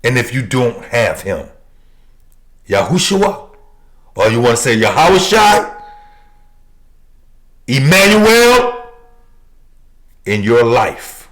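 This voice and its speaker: A male preacher delivering a sermon at a deliberate, unhurried pace. His pitch climbs and dips widely as he leans hard on repeated phrases, jumping from shouted lines to hushed, low ones. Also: sing-song. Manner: emphatic, swinging from shouts to low, quiet lines; repeats key phrases for emphasis.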